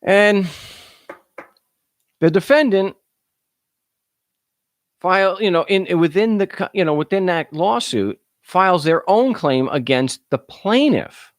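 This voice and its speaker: In a high-pitched, animated voice, a US talk show host speaks slowly and leaves long pauses during his casual call-in monologue. He's sarcastic and keeps stumbling on repeated words when starting sentences. The recording is dry and studio quality.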